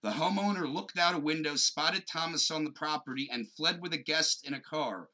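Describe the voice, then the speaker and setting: A man co-hosting a podcast, animated and joking, swearing freely and dropping jokey asides. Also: fairly high pitch, normal speed, poor audio. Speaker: podcast co-host. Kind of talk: casual chat and mock news reading.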